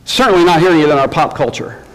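A man preaching a sermon in an emphatic, animated way, often asking his listeners rhetorical questions. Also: on the high side, quick pace, in a large hall, low-quality recording.

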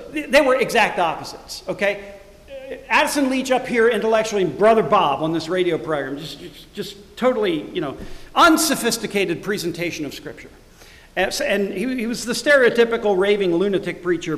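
A middle-aged man, the church's pastor, preaching a sermon; he swells loudly on scripture verses and drops to quiet, conversational asides. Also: fairly high pitch, roomy sound, big-room sound. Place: church sanctuary.

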